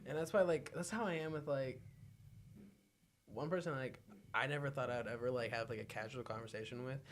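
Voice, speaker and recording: A man's voice: medium pitch, a little fast, slight background noise. A young man hosting a casual podcast, laughing often and swearing freely as he tells stories. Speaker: podcast host.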